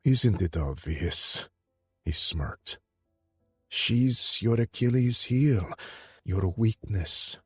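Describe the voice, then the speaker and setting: A man voicing a calm, sly half-brother. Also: medium pitch, extremely slow, slightly rough, dry recording, faint music behind, voice pushed up. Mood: smirking. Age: 30s.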